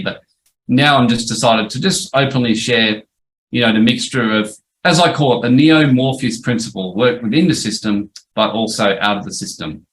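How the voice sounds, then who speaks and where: A man's voice: on the low side, fairly bright tone, rough recording. A middle-aged man, a former lawyer presenting a webinar course in a chatty, storytelling way. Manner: chatty storytelling, frequent restarts and "yep".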